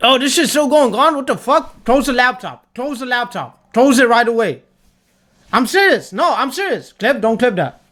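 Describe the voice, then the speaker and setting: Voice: medium pitch, lively intonation, moderate pace, fairly bright tone. A young adult streamer ranting to a live chat in a tier-list commentary, repeating points emphatically and swearing often. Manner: repetitive, emphatic, swears a lot. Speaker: livestreamer talking to chat.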